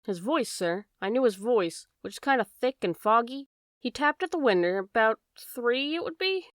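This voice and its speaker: In an audiobook, a woman voices an anxious, chatty boatman's wife, her voice pushed up and lightly acted. She speaks at normal speed on the higher side with lively intonation, clean and echo-free, in a homely, worried run-on manner with dropped endings.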